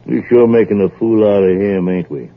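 A man playing a grumbling rural man who scorns the boss, with a flat rural drawl. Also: fairly low pitch, normal speed, close to an everyday voice. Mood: scornful, smug. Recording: tinny phone-like old recording.

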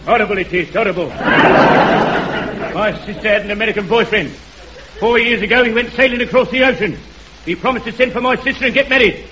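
An actor playing an insistent, preachy street-corner crank in a 1950s radio comedy. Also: male voice, high-pitched, fast talker, pauses often, lightly acted. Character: cranky soapbox orator, grown man, earnest and odd. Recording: hissy, muffled old radio recording.

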